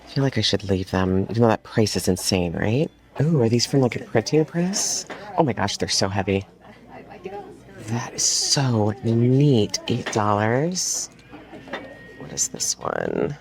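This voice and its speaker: With a very deep voice and a slightly slow delivery, a woman vintage home decor reseller gushes excitedly in a casual thrifting vlog. She frequently whispers, and it's recorded on a handheld phone in a thrift store.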